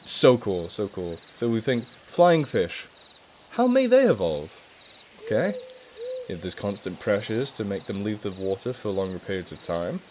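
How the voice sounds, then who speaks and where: Chatty northern English man, low voice. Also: sing-song, normal speed, darkish tone, a little hiss or hum. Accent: mixed northern English. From England. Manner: chatty, swears casually, eager about animals. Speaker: charity live stream host. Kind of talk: casual live stream Q&A.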